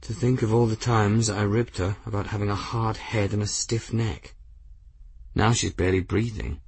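A man's voice: lowish voice, normal speed, creaky, a little mellow, breathy edge, no room sound. A man voicing a weary young male warrior bodyguard in an audiobook, wooden and plain-spoken. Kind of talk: audiobook character reading.

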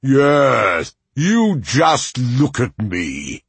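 A man reading as a cruel old tyrant king who snarls his words slowly, low and heavily husky. The voice is dry and close, with no room around it. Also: expressive, no room sound, full character voice. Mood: snarling. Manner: snarling, slow and menacing. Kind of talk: audiobook character voice.

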